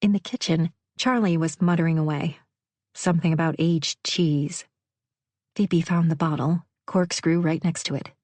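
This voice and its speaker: A woman reads a romantic novel aloud in a measured storytelling voice. Her pitch sits on the low side for a woman. The recording is dry and close, with no room sound at all. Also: steady tone, darkish tone, no echo. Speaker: audiobook narrator. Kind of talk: scripted narration.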